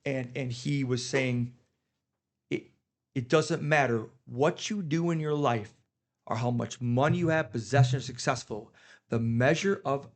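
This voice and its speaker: Gravelly man telling earnest stories. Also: medium pitch, unhurried. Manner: earnest, emotional storytelling. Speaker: podcast guest. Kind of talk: casual chat.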